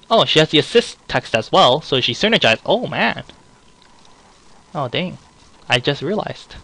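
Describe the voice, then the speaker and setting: Bright-voiced man rambling about card previews. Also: mid-range voice, no echo, poor audio. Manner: rambling, second-guesses himself aloud. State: voice getting worn. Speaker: card game reviewer. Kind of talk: casual commentary on card previews.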